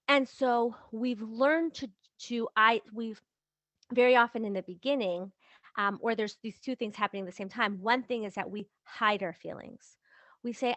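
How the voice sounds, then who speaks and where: Lively higher-voiced woman coach. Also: unhurried, no echo. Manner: lively, acts out quoted examples in little voices. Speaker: podcast host and relationship coach for wives. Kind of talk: casual advice talk.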